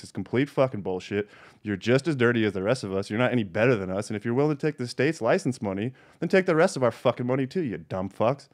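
A man's voice: medium pitch, animated, quick pace. Angry, foul-mouthed man ranting. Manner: heated, swears constantly. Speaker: podcast host and cannabis grower. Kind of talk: profane rant. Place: home.

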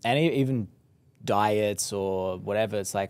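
A man's voice: lowish voice, unhurried, darkish tone, clean tone, dry recording. A man hosting a podcast interview, asking questions with hesitations and restarts. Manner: hesitant, restarts questions, short backchannel replies. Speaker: podcast host.

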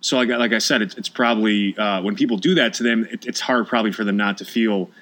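A male podcast host with a lowish voice talks quickly in a relaxed interview. He often stumbles and repeats words mid-thought before he gets to his question. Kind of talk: casual interview chat.

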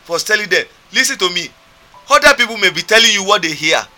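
A man's voice: high voice, animated, quick pace, sharp tone, soft background music. A man with a Nigerian accent preaching a sermon, fervent and emphatic, repeating his points.

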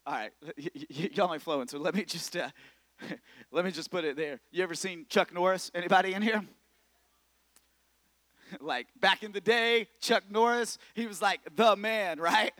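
High-voiced young man preaching with fire. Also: normal speed, no echo. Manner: energetic, building to shouts. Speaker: pastor. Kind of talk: sermon. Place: church.

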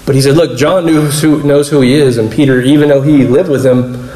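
A man's voice: medium pitch, steady tone, fairly quick, dark tone. A chatty man preaching in an echoey room. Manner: conversational, explanatory, acts out quoted dialogue. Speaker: pastor teaching a Bible study. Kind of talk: casual sermon.

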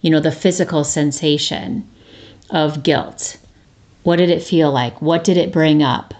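A woman in her thirties hosts a reflective solo podcast, speaking in a low, steady, unhurried voice with a darkish tone. She comes across as earnest and conversational, frequently restarting her sentences and dropping in a rhetorical "right?".

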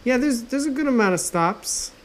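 A man's voice: very high-pitched, expressive, normal speed. A man co-hosting a casual podcast chat, laid-back and slangy, swearing easily. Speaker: podcast co-host.

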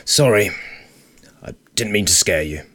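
A man's voice: fairly low pitch, expressive, unhurried, pushed and bright. An actor playing a weary male library colleague, dry, patient and skeptical. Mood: wry. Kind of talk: audio drama dialogue.

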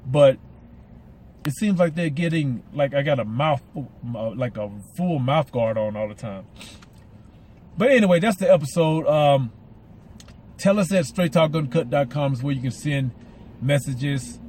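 A man's voice: a little high, animated, a little slow, a little mellow, a little hiss or hum. A man with a Southern American accent hosting a casual podcast, rambling and repeating words, with a slight lisp from mouth aligners. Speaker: podcast host. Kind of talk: casual solo podcast monologue.

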